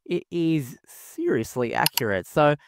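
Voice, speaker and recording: A man's voice: a little high, sing-song, a little slow, creaky, background noise. A man giving an enthusiastic product walkthrough as a tech reviewer, packing nearly every sentence with "guys" and "folks". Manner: enthusiastic, says "guys" constantly. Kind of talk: screen-recorded product walkthrough.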